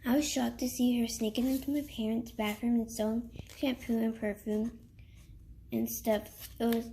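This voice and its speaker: A woman reading a book aloud in a halting way, stumbling, restarting and breaking off to chat. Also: on the high side, little pitch movement, creaky, mellow, a little hiss or hum. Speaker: reader.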